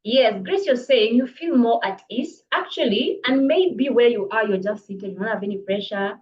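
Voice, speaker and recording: A woman coaching public speaking in a live online workshop, brisk and encouraging, reading viewers' comments aloud. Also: fairly high pitch, expressive, muffled recording. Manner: brisk, encouraging, reads chat comments aloud, laughs often. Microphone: video call.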